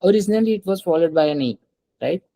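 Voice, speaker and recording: Husky-voiced man teaching a language lesson. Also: sits high, lively intonation, fast talker, dark tone, poor audio. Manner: patient, explains step by step and prompts the student to read aloud. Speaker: French teacher.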